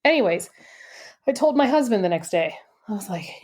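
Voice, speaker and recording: Woman guest, mid-pitched, animated storyteller, chatty filler-heavy podcast talk. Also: normal speed. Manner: animated, chatty, full of "like" and "you know". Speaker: podcast guest, intuitive coach. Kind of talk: personal storytelling in a podcast interview.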